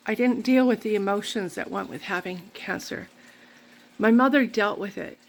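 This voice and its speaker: Gravelly-voiced woman telling a candid personal story. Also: medium pitch, normal speed, slight background noise. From Canada. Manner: rambling, candid, faith-filled. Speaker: vlogger.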